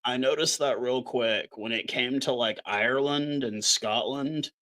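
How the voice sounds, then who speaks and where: A man's voice: mid-range voice, a little slow, sharp tone. Blunt, swearing man ranting casually. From Canada. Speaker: podcast co-host. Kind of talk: casual chat.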